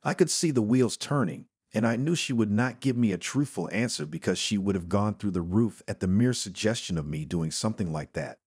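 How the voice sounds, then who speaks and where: A man tells a first-person story in a steady, plain manner. His voice sits on the low side and has a husky grain. The recording is close and dry with no room sound. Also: normal speed, no room sound. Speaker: narrator.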